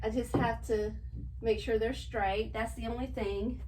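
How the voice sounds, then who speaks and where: A woman's voice: a little high, fairly even intonation, a little slow, background noise. Chatty woman decorating at home. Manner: chatty, talking to viewers while working. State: out of breath. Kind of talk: casual chat while decorating. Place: home bedroom.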